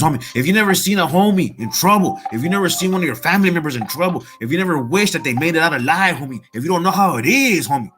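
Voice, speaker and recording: A man's voice: fairly high pitch, a bit bright. A middle-aged man from Salinas, giving a fired-up, profane motivational monologue and calling the listener "homie.". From Salinas, California. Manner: streetwise, profane, repeats "homie" and "Holmes". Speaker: motivational speaker.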